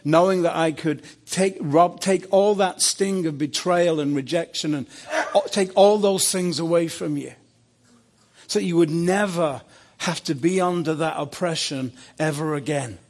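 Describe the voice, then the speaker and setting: A preacher voicing Jesus speaking to him in a dream, insistently repeating his demand and then talking softly and tenderly. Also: on the high side, takes it slowly, vocal fry, pauses often, husky, heavily acted. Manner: soft and tender when gentle.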